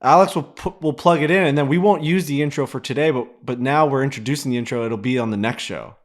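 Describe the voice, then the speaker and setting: A man's voice: mid-range voice, quick pace. A man co-hosting a golf podcast in casual chat, laid-back and self-mocking, swearing freely. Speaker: podcast co-host.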